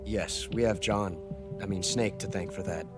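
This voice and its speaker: A man's voice: low voice, music in the background, close to an everyday voice. A man playing Revolver Ocelot, sly spy. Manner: measured, smug, composed delivery. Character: scheming male triple-agent spy, smooth and sly. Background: loud game score.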